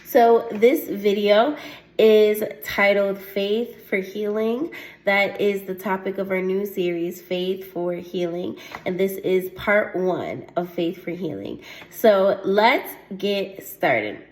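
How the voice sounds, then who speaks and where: A woman's voice: mid-range voice, slow. A woman hosting a faith show who teaches a sermon and reads scripture aloud. She speaks earnestly, often says "Amen" and laughs lightly now and then. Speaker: host of a faith testimony show. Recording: echoey room.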